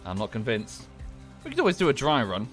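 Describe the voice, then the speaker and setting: A man's voice: medium pitch, wildly swooping pitch, brisk. A man giving casual, dry, self-deprecating commentary while livestreaming a game, often muttering to himself. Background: game music.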